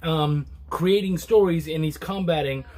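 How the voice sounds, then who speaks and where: A man reviewing a comic book in a casual, relaxed chat to camera, rambling with many restarts and fillers. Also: a little slow. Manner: relaxed and low-key.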